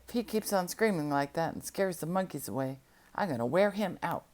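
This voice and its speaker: A woman voicing a hushed young country boy. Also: fairly low pitch, expressive, brisk, natural voice. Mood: annoyed. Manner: hushed, whispering to his dog. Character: young country boy, curious and easily riled.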